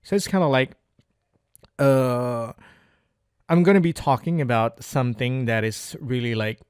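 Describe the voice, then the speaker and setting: A man's voice: mid-range voice, measured pace, darkish tone, clear, resonant tone, no echo, studio quality. A man whose first language is Indonesian, practicing spoken English in a casual monologue, hesitant, with frequent restarts and fillers. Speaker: English learner.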